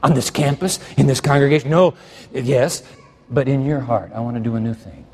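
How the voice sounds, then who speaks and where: Male pastor, sermon delivery, impassioned, hushed to fervent, long hall reverb. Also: medium pitch, brisk, husky.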